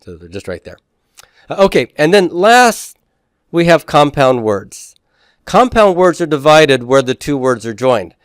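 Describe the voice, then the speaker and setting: Smooth-voiced man teaching Greek. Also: on the high side, big pitch swings, unhurried, no room sound, studio quality. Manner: explains step by step, often checks with "right?". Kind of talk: classroom lecture.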